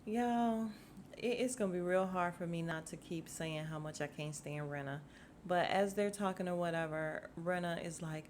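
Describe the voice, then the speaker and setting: A woman's voice: mid-range voice, normal speed, a bit bright. A woman hosting a casual podcast, recapping a reality show in a blunt, sassy, profane way and acting out what people said. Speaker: podcast host.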